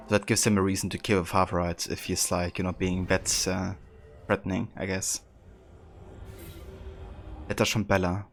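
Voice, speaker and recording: A man with a low voice streams a detective game, musing dryly to himself. He reads the clue text aloud as he goes. A faint hiss sits under his voice. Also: little pitch movement, moderate pace, long pauses. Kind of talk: casual let's-play commentary, reading clues aloud.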